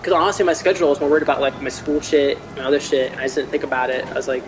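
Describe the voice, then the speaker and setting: A young man chatting casually over gameplay, rambling, excitable and swearing often. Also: medium pitch, very fast, noisy background. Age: young adult. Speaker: gamer chatting with a friend.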